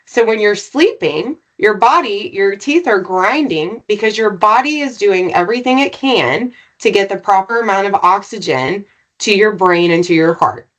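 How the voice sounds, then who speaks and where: A woman guest on a podcast, earnestly retelling her own story in a lively, conversational way and checking in with "right?" as she goes. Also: mid-range voice, moderate pace. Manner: earnest, animated retelling with frequent "right?" tags. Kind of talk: personal storytelling in a podcast interview.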